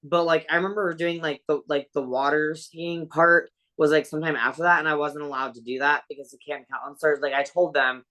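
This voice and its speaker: A woman with a deep, low-set voice tells her story as a podcast guest. She rambles casually, leaning on "like" and fillers and dropping blunt swear words along the way. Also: steady tone, brisk, few pauses, fairly bright tone.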